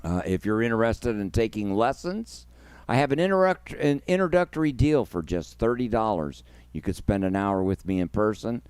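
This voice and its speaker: Smooth-voiced emotional man hosting a livestream. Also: on the low side, big pitch swings, moderate pace, no room sound. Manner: emotional, effusive, thanks viewers warmly by name. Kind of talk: casual livestream chat.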